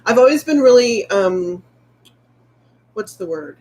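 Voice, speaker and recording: This late-30s vlogger has a lowish, darkish voice and speaks at normal speed. On a casual livestream, she reads viewers' comments aloud and chats with them candidly, rambling and heartfelt.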